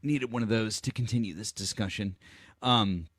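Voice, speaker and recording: A man's voice: lowish voice, moderate pace, fairly bright tone, dry recording, clean studio sound. A man hosting a political live stream, blunt and combative, swearing as he argues.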